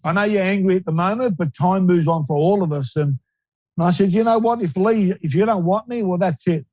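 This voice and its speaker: A man's voice: high-pitched, brisk, a little mellow, dry recording, poor audio. Rambling Australian man in his sixties. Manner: rambling, repeats words, laughs easily. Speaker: retired footballer guest. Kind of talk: casual storytelling interview.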